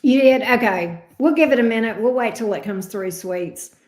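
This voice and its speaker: A woman's voice: mid-range voice, moderate pace. A woman with a Southern US drawl, chatting casually with viewers as a tarot reader hosting a livestream and calling them pet names. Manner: chatty, uses endearments like babes and love bug. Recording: echoey room sound.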